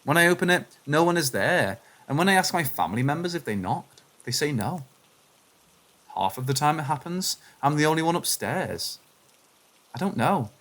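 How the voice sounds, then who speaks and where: A man narrating submitted paranormal stories in a steady, scripted reading voice. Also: a little high, moderate pace.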